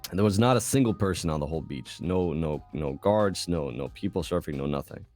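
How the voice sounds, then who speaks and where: A relaxed young man from Sweden with a lowish voice, spinning a story in easygoing, swear-filled podcast chat. Faint music plays softly behind him. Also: brisk. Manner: laid-back storyteller, loose and profane. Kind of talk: casual chat.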